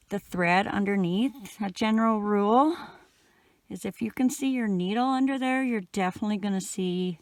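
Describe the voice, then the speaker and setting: A middle-aged woman from Canada giving a relaxed, chatty step-by-step crochet tutorial while she works. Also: mid-range voice, no echo. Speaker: crochet instructor.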